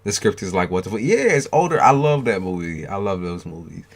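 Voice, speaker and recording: Deep-voiced, joking late-night tarot streamer, man. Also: big pitch swings, brisk, creaky. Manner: loose, joking, swears freely, chats to viewers by name. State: tired. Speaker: tarot reader hosting a live stream. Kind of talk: late-night live stream chat with viewers.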